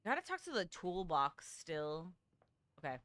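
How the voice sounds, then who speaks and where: Bubbly, bright-voiced woman streaming a game. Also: on the low side, big pitch swings, a little slow. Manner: bubbly, swearing, reacting to the game. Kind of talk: casual game commentary. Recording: gaming stream with music behind.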